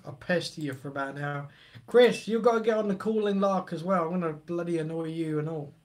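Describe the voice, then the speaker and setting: A man's voice: on the high side, fairly quick, a little mellow. A middle-aged man, hosting a live stream and chatting casually while reading the chat aloud.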